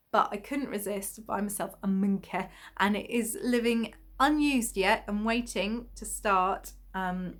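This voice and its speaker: Here an Essex-born woman hosts a podcast, her mid-range voice a touch bright. She rambles along in a casual, chatty manner, with lots of ums and soft laughs.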